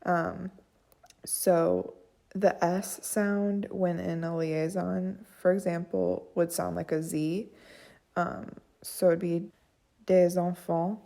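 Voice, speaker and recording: A young woman giving a class presentation on phonology, unhurried and with frequent fillers. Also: fairly low pitch, fairly even intonation, creaky, mellow. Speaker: student presenter.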